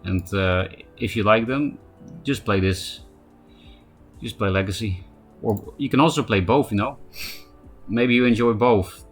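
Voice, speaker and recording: Guy streaming, kinda low voice, rambly, um uh a lot, quiet music in the back. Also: a little slow, long pauses, slightly rough. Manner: rambling, thinking aloud with fillers. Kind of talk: casual live-stream commentary.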